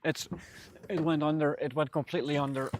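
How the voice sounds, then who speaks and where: A man's voice: fairly high pitch, level tone, fairly quick, slight background noise. A man live-streaming, muttering to himself as he fishes and chatting casually with his viewers. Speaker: livestreamer.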